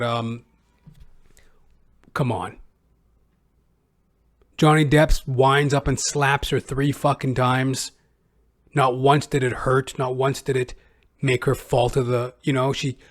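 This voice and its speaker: Crude, sarcastic male podcaster. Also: medium pitch. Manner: crude, profane, sarcastic, rambling. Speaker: podcast host. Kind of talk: casual podcast commentary.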